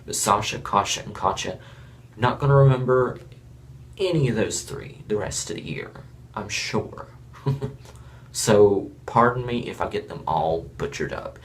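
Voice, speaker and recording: A man's voice: on the low side, expressive, measured pace. A man from Florida giving a casual, blunt and rambling review of a reality show, with chuckling asides.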